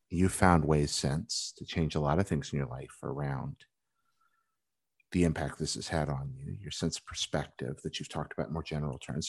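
A man interviewing a guest in an earnest, measured, supportive way. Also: very deep voice, gravelly, darkish tone, husky. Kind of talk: interview conversation.

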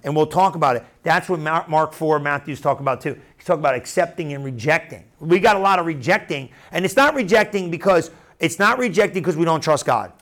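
A man's voice: fairly high pitch, fast talker, few pauses. A man preaching a sermon in a loose, conversational way, often restarting phrases and asking the room if they follow. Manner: conversational, animated, repeats and restarts phrases, asks the room questions.

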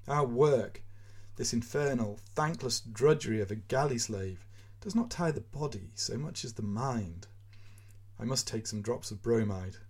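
A man's voice: mid-range voice, animated, a little slow, a little mellow, slightly rough. A man voicing a weary, self-pitying male writer who complains and whines, in a storybook reading. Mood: complaining. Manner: whining, complaining.

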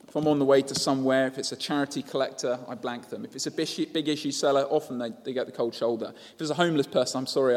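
A man's voice: medium pitch, darkish tone, in a large hall. A man preaching a sermon, telling the story and asking rhetorical questions.

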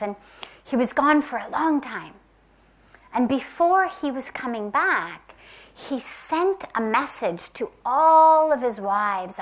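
A woman from the United States telling a spiritual parable in a soft, gentle, reflective way, sometimes dropping to a whisper. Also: fairly high pitch. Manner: slow, gentle and reflective, with long pauses. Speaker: spiritual teacher. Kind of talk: spiritual storytelling talk.

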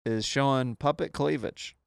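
A man's voice: medium pitch, a little slow, gravelly, no echo, studio quality. A man hosting a comedy podcast in casual, teasing banter over a remote call. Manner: playful, teasing, jumps into silly voices. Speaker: podcast host.

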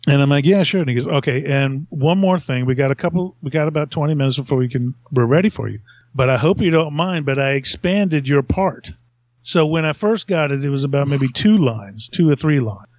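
A man's voice: a little high, fairly quick, darkish tone, no room sound. Podcast guy rambling thru a story, keeps chuckling, dull lo-fi dry sound. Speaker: podcast host. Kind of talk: casual storytelling.

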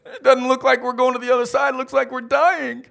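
A man voicing panicked men in a sinking boat who cry out in frantic, high-pitched alarm. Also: little pitch movement, fairly quick, vocal fry, a bit bright, heavily acted.

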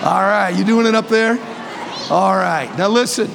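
Sixties male preacher, high husky voice, playful and shouty, long hall reverb. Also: normal speed, a crowd in the background, noisy background. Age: 60s. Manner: playful, joking, bursts into shouts. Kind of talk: energetic youth sermon.

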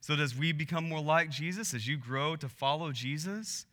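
A man's voice: a little high, moderate pace, fairly bright tone, big-room sound. A man preaching a sermon as pastor, telling a story in an earnest way that builds in intensity.

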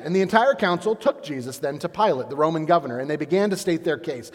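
A man giving a lively, dramatic retelling of a scripture story, with conversational asides. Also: on the high side, fast talker, hardly any pauses, long reverb tail.

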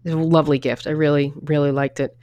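A woman's voice: deep voice, little pitch movement, quick pace, dark tone. A middle-aged woman co-hosting a casual chat, telling personal stories with lots of restarts and the odd swear word. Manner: chatty storyteller with frequent restarts and swearing. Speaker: podcast co-host.

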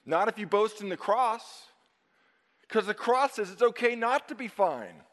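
A man preaching a sermon to his congregation, emphatic and dynamic, swinging from loud stresses down to hushed asides. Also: high voice, animated, measured pace. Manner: emphatic, dynamic preaching with sudden drops to near-whisper. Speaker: pastor. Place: church sanctuary. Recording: long reverb of a church sanctuary.

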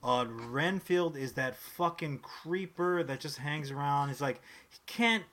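A man's voice: on the high side, measured pace. A man co-hosting a comedy podcast, riffing in casual banter and dropping into silly voices. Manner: animated, breaks into silly impressions. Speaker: podcast co-host. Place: recording with camera, live to tape.

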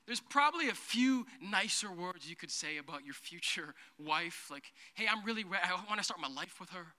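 A man preaching a humorous sermon as a pastor, playful and jokey, acting out characters in quick asides. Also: sits high, sharp tone. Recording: long hall reverb.

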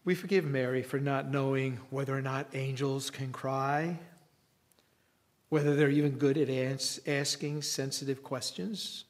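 A man preaching a sermon in a reflective way, with long dramatic pauses. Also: mid-range voice, fairly even intonation.

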